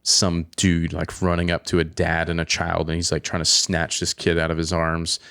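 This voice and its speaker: Very low-voiced excitable man chatting. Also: moderate pace, gravelly, clear, resonant tone. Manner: excitable, rambling, animated storytelling. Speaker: podcast host. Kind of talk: casual chat.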